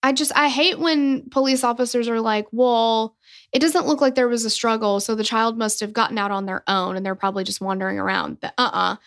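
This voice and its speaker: A young adult woman co-hosting a podcast, blunt and animated, who swears freely. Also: fairly high pitch, a little fast. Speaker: podcast co-host. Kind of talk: casual podcast chat.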